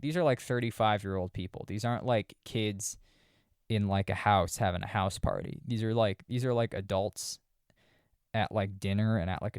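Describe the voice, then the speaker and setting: A man's voice: on the low side, darkish tone, no room sound, studio quality. A man hosting a podcast, casually reviewing a horror movie in a wry, sarcastic, rambling way. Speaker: podcast host.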